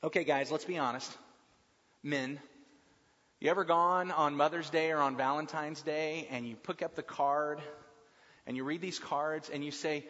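A man leading a group Bible class, asking questions and talking with lively swings in his voice. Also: a little high, moderate pace. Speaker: Bible study leader. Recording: long reverb, dull lo-fi sound.

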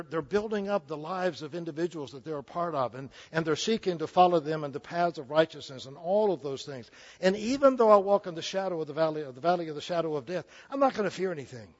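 A man in his sixties gives a sermon in a slightly raised voice, folksy and joking as he stumbles through restarts. The recording is dull and lo-fi. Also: fairly high pitch. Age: 60s. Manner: folksy, jokey, with frequent restarts. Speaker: preacher.

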